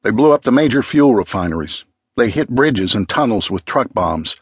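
A male narrator voicing a calm, commanding middle-aged father who gives firm, steady instructions. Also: medium pitch, normal speed, husky, no echo, clean studio sound. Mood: urgent.

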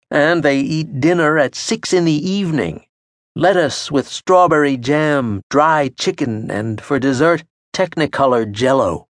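A man narrating an audiobook in the first person with a wry, measured storytelling manner. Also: medium pitch, no echo. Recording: dry studio audio.

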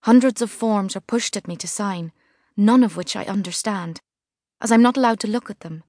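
A woman reading a first-person novel as narrator, measured and vivid. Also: mid-range voice, darkish tone, no room sound, studio quality. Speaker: audiobook narrator. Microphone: studio mic.

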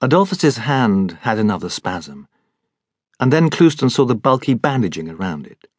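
A man reading an audiobook in measured, scripted narration. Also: mid-range voice, very animated, husky, no room sound, clean studio sound. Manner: measured storytelling.

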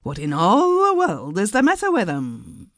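A woman's voice: medium pitch, wildly swooping pitch, measured pace, dry recording, clean studio sound, pitched above the performer's own voice. A woman voicing a jovial middle-aged Scottish steamboat captain who speaks in broad dialect. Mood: astonished.

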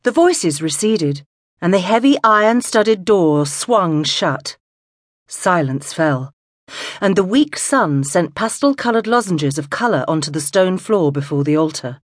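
A woman narrating a mystery audiobook in a measured, expressive way, close to the mic. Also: on the low side, no echo. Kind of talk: scripted narration. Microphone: close studio mic.

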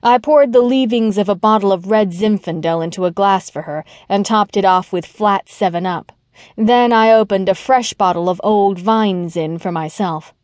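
A woman's voice: mid-range voice, moderate pace, darkish tone, dry recording. A woman narrating a first-person mystery audiobook with wry, dry humor, on a close studio mic.

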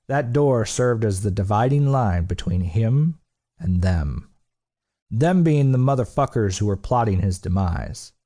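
A man narrating an audiobook in a steady, blunt, profane delivery. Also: on the low side, unhurried. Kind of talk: scripted narration.

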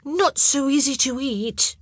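A woman's voice: high voice, expressive, normal speed, a bit bright, no room sound, studio quality, pitched above the performer's own voice. A woman voicing an earnest, solemn little boy trying to act brave in an audiobook. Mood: grumbling.

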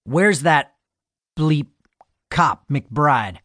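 A man voicing a large, furious police captain in an audiobook, booming and bellowing. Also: expressive, very slow, fairly bright tone, no echo, studio quality, heavily acted.

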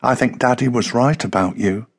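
A gentle, soft-spoken young man, voiced by a male audiobook narrator. He talks quietly and earnestly, with a steady, middling tone. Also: mid-range voice, moderate pace, gravelly, slightly rough. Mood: tender. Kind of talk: audiobook character voice.

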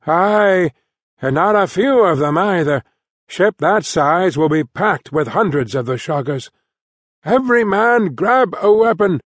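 A man's voice: on the high side, expressive, unhurried, no room sound, clean studio sound. A man voicing a blunt, alert ship captain who talks in clipped seaman's phrases tagged with "eh" and "aye". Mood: commanding. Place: dry studio booth.

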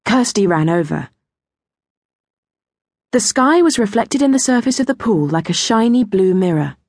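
A woman narrating a children's audiobook in a gentle storytelling manner. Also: medium pitch, normal speed, dry recording, clean studio sound. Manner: gentle storytelling, lively intonation. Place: recording studio. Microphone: close studio mic.

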